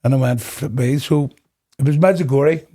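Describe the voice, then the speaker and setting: In a podcast interview, a middle-aged Northern Irish guest gives a personal testimony, acting out dialogue with animation and bursting into laughter now and then. His voice is mid-range and moves at a normal speed.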